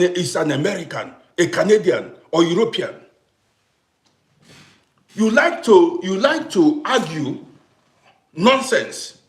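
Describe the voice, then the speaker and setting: Casting: middle-aged man from Africa, live-stream host, high voice that rises and falls a lot as he stresses each point. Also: reverberant. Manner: animated, emphatic, repeats himself, greets viewers by name. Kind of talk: casual live-stream talk to viewers. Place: home in Vienna.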